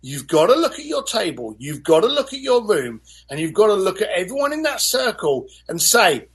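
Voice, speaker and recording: Animated, husky-voiced man telling stories. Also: high voice, moderate pace, few pauses. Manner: animated storyteller, acts out voices. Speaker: guest author. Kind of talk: motivational interview talk.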